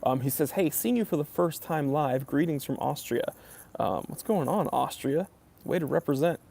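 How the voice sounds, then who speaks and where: Gravelly man chatting on a live stream. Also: on the high side, animated, normal speed, mellow. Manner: easygoing, rambling, many ums and uhs. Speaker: watch channel host. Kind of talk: casual live stream Q&A, reading chat comments.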